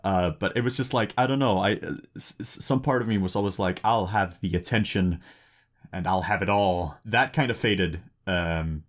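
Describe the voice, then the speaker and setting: This young man co-hosts a podcast, his voice sitting low at a moderate pace. The talk is casual chat, and he rambles, jokes, laughs, and restarts his sentences often.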